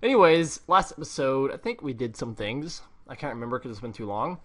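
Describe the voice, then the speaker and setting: A man's voice: mid-range voice, expressive, brisk, few pauses, fairly bright tone. A man hosting a gaming channel, giving casual gameplay commentary in a jokey, self-mocking way.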